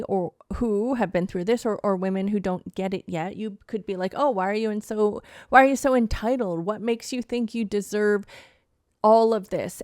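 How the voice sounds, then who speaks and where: Animated indignant woman ranting, dry sound. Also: medium pitch, no room sound. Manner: animated, indignant, swears freely. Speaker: comedian and podcast host. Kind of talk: comedic storytelling rant.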